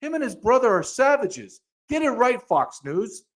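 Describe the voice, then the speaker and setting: A man's voice: very high-pitched, very animated, normal speed. A man hosting a podcast, ranting angrily in heated commentary, with frequent restarts and repeated words. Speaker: podcast host.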